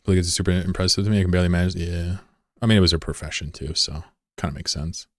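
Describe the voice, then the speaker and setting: A low-voiced man streams a game and chats casually with his viewers, rambling and curious, full of fillers and swearing. His tone is steady and a bit bright, his pace quick. The recording is dry and studio quality.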